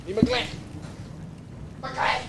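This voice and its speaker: A man's voice: takes it slowly, a bit bright. A man streaming a game, chatting casually in a rambling, crude, jokey way.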